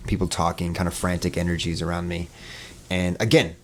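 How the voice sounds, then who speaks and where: Man, very low voice, gravelly, casual storytelling, lots of fillers. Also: a little fast, a little hiss or hum. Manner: relaxed, many fillers, acts out quoted voices. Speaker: podcast guest.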